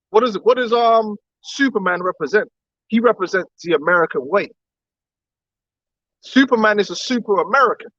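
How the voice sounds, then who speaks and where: A man gives an impassioned, emphatic lecture and keeps pressing his listeners with rhetorical questions. His voice sits very high for a man. The recording is dry and dull, with little room sound. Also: a bit bright, no room sound.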